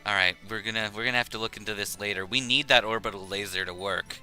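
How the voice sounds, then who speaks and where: A man's voice: on the low side, fast, bright, forceful tone, soft background music, rough recording. A man chatting and joking casually while streaming a video game. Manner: playful, joking.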